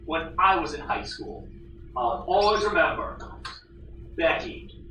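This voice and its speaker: A man's voice: on the high side, slow pace, echoey room, far from the mic, background noise. A male history teacher lecturing his class, telling stories and acting out the voices he quotes. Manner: animated storyteller, acts out quoted voices. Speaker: high school history teacher.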